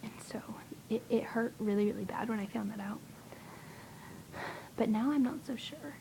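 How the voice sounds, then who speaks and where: A young woman vlogging to a friend, talking mostly in a hushed whisper and rambling with hesitant fillers. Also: a little high, normal speed, creaky, slight background noise, poor audio. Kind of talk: casual whispered video chat to a friend.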